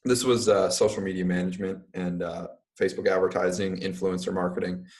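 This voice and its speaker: A young man answers interview questions in a loose, casual way, leaning on "um" and "like". His voice sits low and deep. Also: little pitch movement, brisk, a little mellow. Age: young adult. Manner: casual, filler-heavy, uses "like" often. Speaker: guest.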